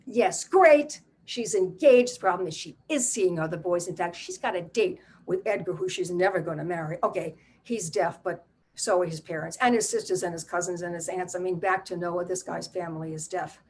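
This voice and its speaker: An older woman, a playwright and solo performer, telling a family story on stage in a wry, animated, conversational way. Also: lowish voice, brisk, slightly rough.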